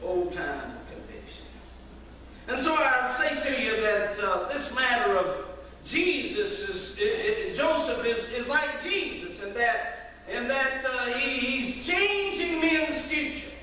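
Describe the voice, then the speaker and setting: A man's voice: extremely high pitch, lively intonation, slow, pushed and bright, slight background noise. A man, preaching a sermon with folksy storytelling. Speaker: pastor. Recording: echoey hall from far off.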